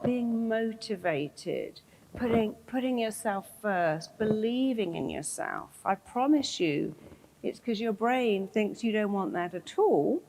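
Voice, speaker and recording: A woman's voice: mid-range voice, darkish tone, slight background noise, poor audio. Emphatic woman giving a motivational talk. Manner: acts out inner voices in quoted asides; emphatic, repeats phrases for effect. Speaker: therapist and motivational speaker. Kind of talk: motivational talk to a live audience.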